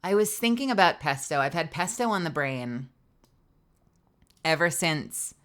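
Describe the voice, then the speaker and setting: A woman's voice: sits low, lively intonation, measured pace, fairly bright tone. A woman livestreamer chatting casually, playful and self-deprecating, joking and swearing freely. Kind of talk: casual live-stream chat.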